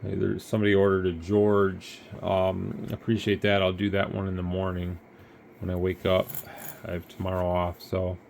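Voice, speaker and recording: Man, deep gravelly voice, flat delivery, tired, rambling radio demo. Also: normal speed, slight background noise. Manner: rambling, easygoing. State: tired, yawning. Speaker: radio seller demonstrating gear. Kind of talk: casual product demo.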